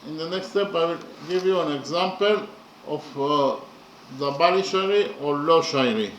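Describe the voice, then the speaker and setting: A man giving a slow, methodical lecture on poetry, pausing often with fillers as he counts through each line. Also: fairly high pitch. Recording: echoey room with faint ambient noise.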